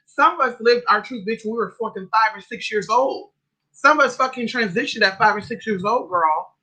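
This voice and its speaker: A woman's voice: medium pitch, expressive, normal speed, bright, forceful tone, poor audio. A woman hosting a casual livestream, ranting in a sassy, profane, rambling way while eating. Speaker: livestream host.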